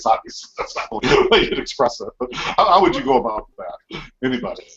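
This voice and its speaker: A man's voice: mid-range voice, brisk. A man leading a casual group discussion, joking and asking the others for their thoughts. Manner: animated, joking, asks the group questions. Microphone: video call. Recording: dull lo-fi video call audio.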